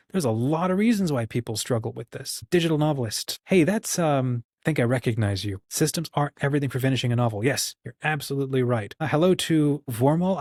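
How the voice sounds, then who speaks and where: Casual channel host, male, husky tone, dry close sound, rambling and encouraging. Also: medium pitch, darkish tone, no room sound. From United States. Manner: rambling, encouraging, acts out quoted dialogue. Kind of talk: casual livestream talk.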